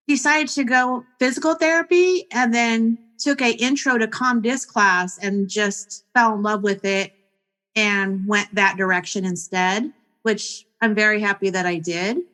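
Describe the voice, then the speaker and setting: A woman in her forties, a speech pathologist, answering in a relaxed, rambling way with fillers. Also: mid-range voice, poor audio. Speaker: guest speech-language pathologist. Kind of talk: casual interview answer.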